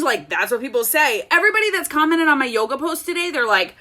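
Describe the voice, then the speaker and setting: A woman vlogging from her home office, telling an animated, laughing story in a chatty, casual way. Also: high voice, fairly quick. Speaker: network-marketing business leader and vlogger.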